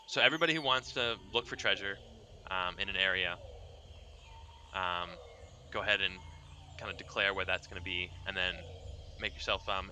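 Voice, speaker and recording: A man's voice: deep voice, sharp tone, a little hiss or hum. A man narrating as game master of a tabletop game, loose and hesitant with many fillers.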